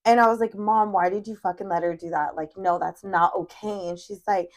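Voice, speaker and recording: In a casual podcast conversation, a woman in her thirties animatedly shares family anecdotes, cussing freely and voicing the people she quotes. She talks fairly quickly in a mid-range voice.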